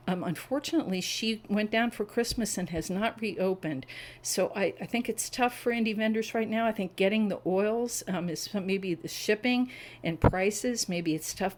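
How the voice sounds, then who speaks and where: A woman's voice: mid-range voice, low-quality recording. A middle-aged woman chatting at home in a casual review vlog, enthusiastic and savoring each description. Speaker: wax melt reviewer. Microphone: camera on a tripod.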